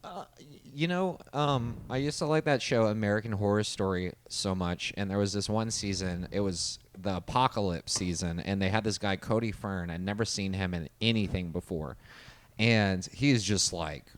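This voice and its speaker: A young man co-hosting a casual comedy podcast, telling animated stories and slipping into impressions of other people. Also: fairly low pitch, moderate pace, a little hiss or hum. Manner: animated storyteller, breaks into laughter, mimics voices. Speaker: podcast co-host.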